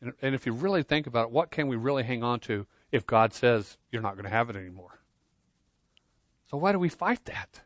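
In a dry recording, a pastor preaches a little fast with an expressive, mid-range voice. He is earnest throughout, swinging from loud emphasis to quiet intensity and often repeating words as a phrase begins.

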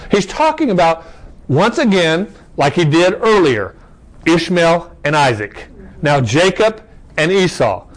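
With a fairly high, sing-song voice and a slightly slow pace, a man teaches a conversational Bible class over poor audio. He poses rhetorical questions, says "okay?" to check in, and restarts phrases while reading verses.

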